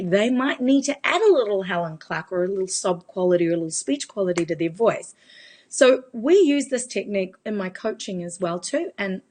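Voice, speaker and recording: A woman, giving a chatty live Q&A as a vocal coach. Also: medium pitch. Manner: chatty, explanatory, demonstrates voice changes. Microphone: phone.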